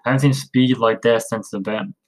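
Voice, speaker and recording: A man's voice: mid-range voice, fairly even intonation, brisk, close to an everyday voice, rough recording. A man voicing an edgy, distraught warrior brother in a storybook. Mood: tense. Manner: tense, distraught.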